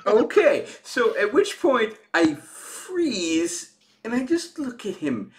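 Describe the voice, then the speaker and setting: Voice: medium pitch, very animated, slow pace. A player speaking in character as a flustered museum keeper in a tabletop role-playing game.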